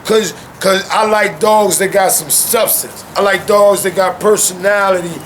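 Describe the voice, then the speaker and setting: A young man chats casually and animatedly at home with his dogs, tossing "man" into almost every thought in loose, slang-heavy talk. He's a guest, and his voice is high and a little slow, with a faint hiss or hum underneath.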